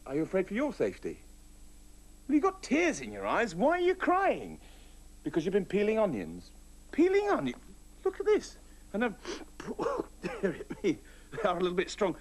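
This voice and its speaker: A male children's TV presenter with a high, wildly swooping voice. He chats to puppets in a fussy, mock-exasperated way. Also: a little mellow. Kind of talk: comic puppet-show presenting.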